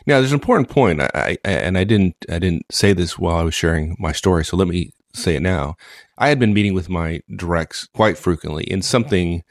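A man co-hosting a casual chat, telling a management story with animated repetition. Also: low voice, brisk, no echo, studio quality. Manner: animated, repeats phrases. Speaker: co-host, manager.

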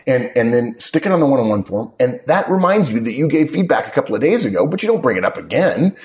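A man hosting a podcast, talking casually and emphatically, with sudden jumps in pitch and frequent restarts as he tells stories. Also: very animated, fast, darkish tone. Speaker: podcast host. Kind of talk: casual podcast talk on management.

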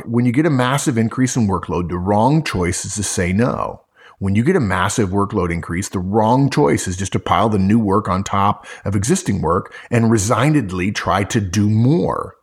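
Guy with a low husky voice laying out management advice, hammers the same points again and again. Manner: emphatic, repeats key points. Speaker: co-host.

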